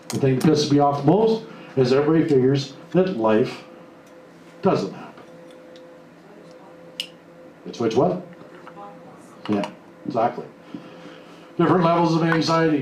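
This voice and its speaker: A man's voice: on the high side, darkish tone, recorded from a distance. Male seminar speaker, emphatic, echoey hall sound with faint hiss. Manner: emphatic, acts out quoted voices. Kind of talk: motivational seminar talk. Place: seminar room before a live audience.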